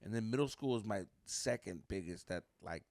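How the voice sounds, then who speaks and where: Young guy on a podcast telling a story, rough gravelly voice, swears a lot, bouncy up and down delivery. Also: lowish voice, animated, normal speed, a little mellow, no echo, clean studio sound. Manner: storytelling, swears freely, mixes in Spanish slang. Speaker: podcast co-host. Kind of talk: casual podcast chat.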